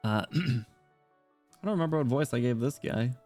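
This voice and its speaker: With soft music behind him, a man chats through a game stream, cracking crude jokes, cursing, laughing readily, and reading dialogue out loud. He has a mid-range, slightly mellow voice with lively intonation at a moderate pace.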